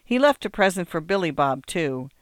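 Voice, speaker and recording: A man narrating a story as an audiobook, in a measured, even storytelling manner. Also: on the high side, no room sound, studio quality.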